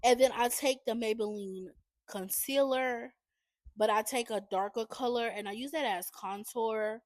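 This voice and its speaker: Chatty woman vlogger, bright high voice. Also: a little slow, no echo. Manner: chatty, often addresses viewers as y'all and adds okay. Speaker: beauty vlogger. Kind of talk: casual makeup tutorial chat.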